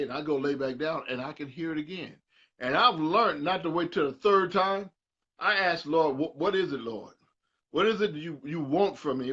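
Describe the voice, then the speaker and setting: A man's voice: a little high, a bit bright, slightly rough. A middle-aged man preaching a sermon as a pastor during a live online Bible study. He repeats words, restarts his sentences and keeps asking his listeners whether they hear him. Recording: dull lo-fi sound with faint music.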